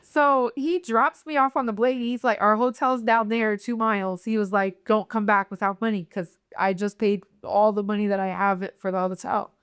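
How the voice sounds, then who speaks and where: Young woman from nebraska telling her story, smooth voice, dry close sound, does little voices for people. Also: medium pitch, fairly even intonation, moderate pace, few pauses, fairly bright tone, no room sound. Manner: candid, acts out quoted voices, many fillers. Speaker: guest. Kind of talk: personal storytelling in conversation.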